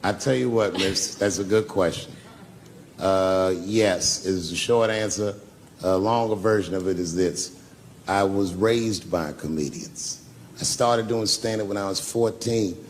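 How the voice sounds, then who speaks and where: A man with a low, gravelly voice and measured pace performs stand-up in a small comedy club, telling stories in a loose, profane way. A little hiss or hum is audible.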